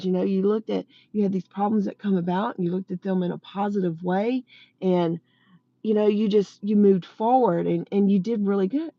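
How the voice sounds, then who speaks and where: Woman, gravelly voice, earnest pep talk to her viewers, muffled phone audio. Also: medium pitch, steady tone, normal speed, no room sound. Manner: earnest, repeats herself, talks to viewers directly. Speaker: motivational live streamer. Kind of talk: casual inspirational monologue. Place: outside her workplace, about to go in.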